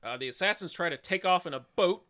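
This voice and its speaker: A man's voice: sits high, expressive, quick pace, sharp tone. A man hosting a casual podcast, walking through a film's plot with dry asides. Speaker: podcast host recapping the film. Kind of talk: casual film recap chat.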